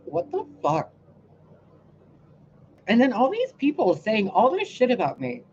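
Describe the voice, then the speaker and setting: A woman's voice: on the high side, wildly swooping pitch, measured pace, slight background noise. Profane, exasperated woman rambling on a lo-fi recording. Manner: profane, exasperated, swings between loud outbursts and quiet asides. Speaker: spiritual reader and channel host. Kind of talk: casual rambling monologue.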